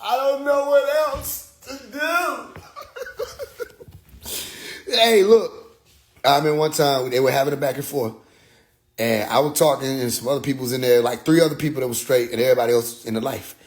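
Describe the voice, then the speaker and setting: A young man casually telling a story as a podcast host, animated and profane, acting out other people's voices now and then. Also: medium pitch, fast talker.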